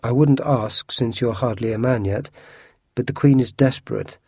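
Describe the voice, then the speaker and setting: A man's voice: mid-range voice, moderate pace, dark tone, slightly rough, no room sound, clean studio sound. A man reading a storybook, voicing an anxious young noblewoman who brings an urgent plea. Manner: pleading, anxious.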